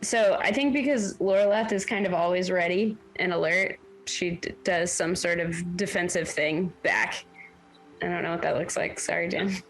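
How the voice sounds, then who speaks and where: A woman's voice: lowish voice, normal speed, soft background music. A woman playing a tabletop game, hesitant and questioning as she describes her character. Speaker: player.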